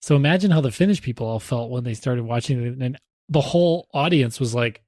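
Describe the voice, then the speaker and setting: A man co-hosting a podcast in casual chat, animated and quick to laugh, often breaking into silly sound effects. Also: mid-range voice, no room sound, clean studio sound. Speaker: podcast co-host.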